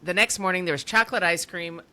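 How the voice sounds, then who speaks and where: Bright-voiced woman telling an anecdote. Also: on the low side, quick pace. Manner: animated storyteller, quotes others' words. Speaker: podcast co-talker. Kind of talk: casual chat.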